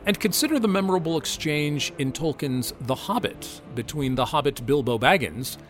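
A man giving a lecture on apologetics who reads story passages aloud in an expressive way. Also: a little high, normal speed, soft background music. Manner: expressive, lively reading voice. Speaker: Christian apologetics teacher. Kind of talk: lecture with read-aloud quotations.

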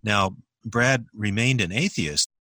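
Man, low and punchy voice, measured arguer in casual chat. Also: pushed and bright, no echo. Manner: measured, argumentative, deliberate. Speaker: discussion partner. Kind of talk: casual philosophical conversation.

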